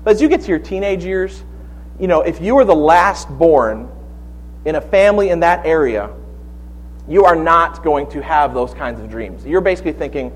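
A man in his forties preaching a sermon, telling funny personal stories with animated, humorous asides. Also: on the high side, normal speed, rough recording. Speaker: pastor.

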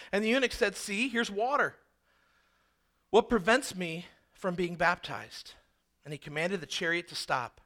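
Pastor guy preaching, acts out the characters, bright tone. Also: high-pitched. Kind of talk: sermon.

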